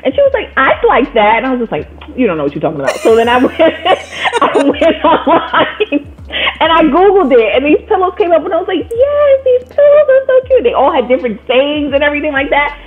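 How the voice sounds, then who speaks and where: A woman's voice: high voice, sing-song, brisk. A woman guest on a podcast, telling her story in casual conversation and acting out the voices she quotes. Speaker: guest, coaching client. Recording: tinny phone-like line.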